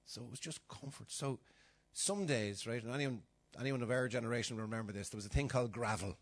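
A man's voice: medium pitch, fast. A middle-aged man preaching a sermon, telling stories with acted-out voices and sudden drops to a whisper. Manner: animated storytelling, acting out voices, dropping to whispers.

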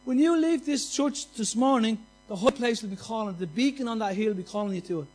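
High-voiced preacher. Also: male voice, a little fast, a little mellow, faint music behind. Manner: passionate, repetitive, conversational preaching with anecdotes. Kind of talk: sermon.

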